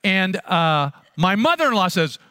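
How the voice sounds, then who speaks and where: A man, a pastor, telling a funny story in a sermon with animated, self-mocking comic timing. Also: high-pitched, measured pace, smooth.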